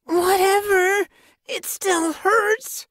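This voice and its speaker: A man voicing a proud, stubborn young female apprentice cat in a storybook reading, speaking in a high, strained, insistent way. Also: normal speed, vocal fry, slightly rough, no echo, studio quality, full character voice. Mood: indignant.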